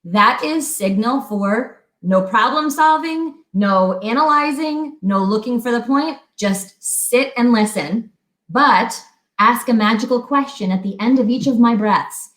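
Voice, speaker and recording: A woman co-hosting a fitness talk, giving chatty, animated relationship advice and acting out little quotes. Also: fairly high pitch, unhurried. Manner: chatty, animated, laughs often, acts out quotes. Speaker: fitness coach co-host. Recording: echoey room.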